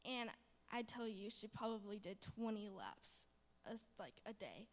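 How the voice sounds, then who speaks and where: A woman's voice: medium pitch, very animated, measured pace. A young woman giving a chapel testimony, bubbly and rambling, with lots of fillers. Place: chapel hall. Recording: long hall reverb.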